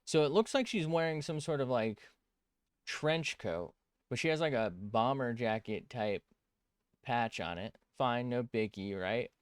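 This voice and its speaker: A man's voice: medium pitch, lively intonation, a little slow, clear, resonant tone, dry recording, clean studio sound. A man chatting casually as an art streamer while drawing on a tablet, rambling, cutting himself off mid-sentence and swearing freely.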